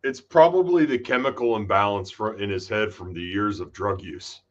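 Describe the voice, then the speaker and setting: A man co-hosting a casual sports podcast, relaxed and asking questions. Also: lowish voice, normal speed, muffled recording. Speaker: podcast co-host.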